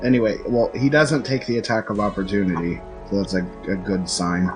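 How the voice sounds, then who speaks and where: A man's voice: fairly low pitch, fairly even intonation, a little fast. A man narrating as game master in a loose, jokey way, with faint music behind. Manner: loose, jokey, restarts often.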